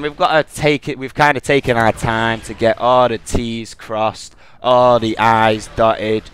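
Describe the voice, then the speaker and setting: A young man hosts a gaming podcast, rambling and trash-talking as he plays, with game gunfire in the background. His mid-range voice is a bit bright and clean.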